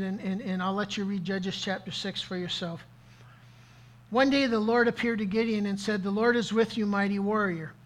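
A fairly bright, medium-pitched voice belongs to a pastor delivering a sermon before a live congregation. The preaching is interactive, posing questions to the crowd and repeating key phrases.

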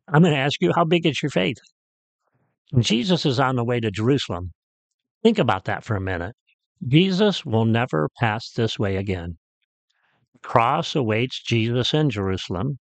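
A man's voice: mid-range voice, no room sound. A man who is a pastor, preaching a radio sermon in a storytelling way that builds to emphatic peaks.

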